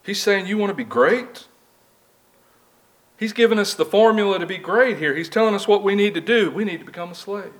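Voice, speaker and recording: Speaking in a high voice at a fairly quick pace, a preacher delivers a sermon inside a church. He reads from scripture and asks his congregation rhetorical questions, earnest yet conversational.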